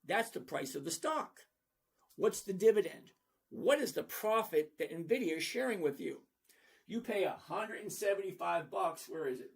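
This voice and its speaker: A middle-aged man with a high, gravelly voice walks through stock charts in a blunt, sarcastic way. He talks straight to his viewers by name. His tone is casual and unfiltered. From lives in Florida. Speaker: trading channel host. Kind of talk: casual stock commentary over a screen share.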